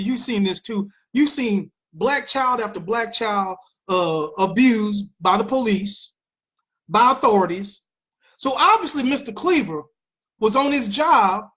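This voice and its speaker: An American man hosting an opinion show, talking in an animated, sarcastic way full of exclamations. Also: high-pitched, moderate pace. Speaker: host.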